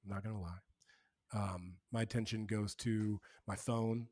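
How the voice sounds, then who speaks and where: A man who is a podcast guest, speaking earnestly in relaxed, slangy casual conversation. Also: lowish voice, unhurried. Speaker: podcast guest, men's community co-founder.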